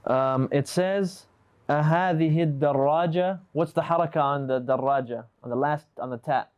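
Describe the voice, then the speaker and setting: A man teaches an Arabic class over a video call, patiently questioning and correcting his students while mixing English with Arabic grammar terms. His voice is fairly high and darkish in tone, he talks a little fast, and the sound is clean.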